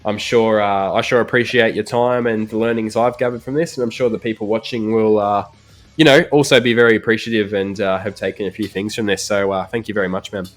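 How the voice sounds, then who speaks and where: A man's voice: lowish voice, brisk. An Australian man hosting a casual podcast interview, laid-back and easygoing, with lots of fillers. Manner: relaxed, laid-back, many fillers and "mate". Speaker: podcast host.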